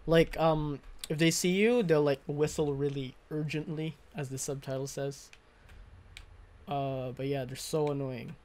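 A man streams a video game and talks through it, cursing and grumbling at the enemies on screen. His voice sits a bit high for a man and he talks slowly, drawing out his complaints. He is close to the mic at his desk. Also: steady tone, darkish tone. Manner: swearing, frustrated outbursts at enemies. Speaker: gaming streamer. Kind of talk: live gameplay commentary.

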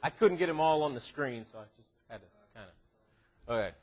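A man leads a church youth devotional, joking and teasing the teens as he goes. His voice is a bit husky, and his pitch swoops widely from low mutters to high, excited exclamations. The sound is slightly distant, picked up in a room. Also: brisk. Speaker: youth minister. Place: church classroom.

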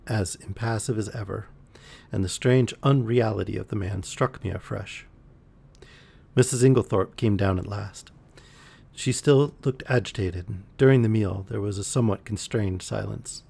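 A man reading a novel aloud on a live stream, relaxed, with the odd slip and restart. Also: on the low side, normal speed, gravelly, husky. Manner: relaxed, with occasional slips and restarts. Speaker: audiobook reader on a live stream. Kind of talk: reading a novel aloud, voicing characters lightly.

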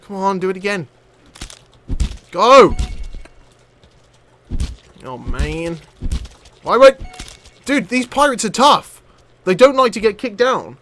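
A man commentating his own gameplay, excitable and chatty, shouting at enemies and laughing often. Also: sits high, slow, long pauses, slight background noise. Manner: excitable, loud outbursts and swearing, frequent laughter; chatty, talks to enemies on screen. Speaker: gaming channel host. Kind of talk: let's play commentary.

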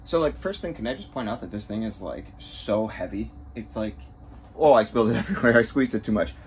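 A man on tour as a bassist, chatting straight to the camera in a casual travel vlog and poking fun at himself. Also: expressive, brisk, a little hiss or hum. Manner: chatty, self-mocking, talks straight to camera. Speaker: touring bassist.

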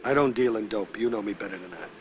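An actor playing a ruthless male crime boss in a 1970s crime film, curt and quick to explode into shouting. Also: on the low side, a little hiss or hum, lightly acted. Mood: cold. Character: ruthless male mob boss, hot-tempered.

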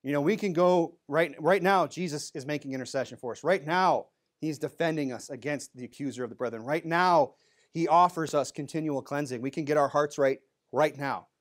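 A man's voice: a little high, fairly quick. A male pastor preaching a sermon, talking plainly to the congregation and raising his voice for Bible readings.

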